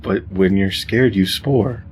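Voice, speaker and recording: A man's voice: low-pitched, slow pace. A man voicing Simon, a timid, awkward fungus creature who speaks in an earnest, defensive way.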